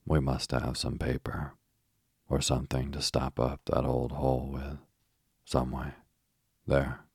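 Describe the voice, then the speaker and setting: A man voicing a resourceful young girl who looks after her brothers, earnest and gently bossy. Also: a bass voice, monotone, measured pace, husky, no echo, clean studio sound, heavily acted. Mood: kindly. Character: young girl, eldest sister, caring and resourceful.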